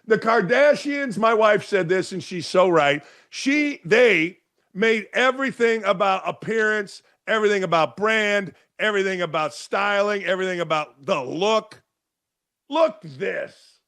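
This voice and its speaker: An older man tears into a sports topic in a loud, sarcastic rant. He mocks people with quick impressions as he goes, and his voice sits higher than most men's. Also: expressive. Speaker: sports radio host. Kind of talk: ranting sports commentary.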